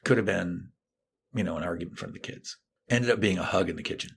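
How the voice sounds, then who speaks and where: A man's voice: deep voice, quick pace, creaky, slightly rough. A middle-aged man, a therapist and guest on a podcast, telling a personal story and acting out what people said. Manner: animated storytelling, acting out quoted lines.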